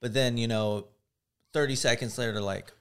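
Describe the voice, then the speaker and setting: A man's voice: medium pitch, steady tone, normal speed, fairly bright tone, clean tone. A man talking as a guest on a podcast, casual and earnest, with some hesitant fillers. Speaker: guest, motorcycle gear salesman. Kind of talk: casual chat.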